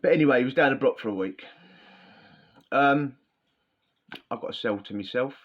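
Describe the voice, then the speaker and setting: A man's voice: mid-range voice, moderate pace. A man telling prison stories in a chatty, slangy, rambling way. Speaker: podcast host. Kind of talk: casual storytelling. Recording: dull lo-fi sound.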